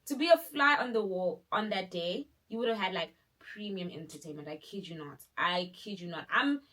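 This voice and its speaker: Bright-voiced young woman. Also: mid-range voice, moderate pace. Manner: animated, dramatic retelling with many fillers. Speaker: vlogger. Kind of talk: casual storytime.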